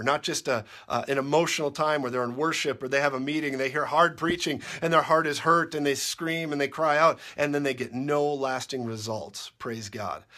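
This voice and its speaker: A man preaching a sermon, insistent and repetitive, dropping quiet and then rising to shouts. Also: a little high.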